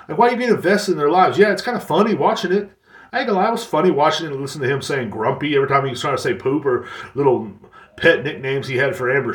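A young man hosting a podcast, ranting sarcastically and swearing often. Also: fairly high pitch. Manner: swearing, sarcastic, mocks others in put-on voices. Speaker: podcast host. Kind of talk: casual ranting monologue. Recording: echoey room.

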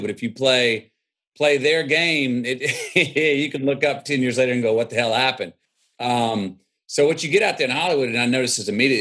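Drawling and reflective, this man from Texas tells stories as an interview guest, voicing the people he quotes. His voice is medium in pitch with a fairly bright tone.

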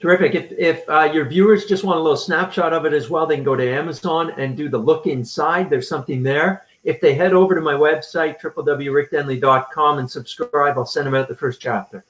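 Brief: male author guest, slightly high voice, measured and gracious, roomy video-call sound. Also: a bit bright. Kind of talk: casual interview chat.

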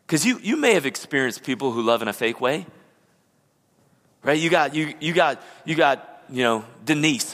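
A man preaching a sermon as pastor, lively and conversational, acting out the people in his stories. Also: a little high, normal speed, in a large hall. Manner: animated preacher who acts out the people he describes. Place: church sanctuary.

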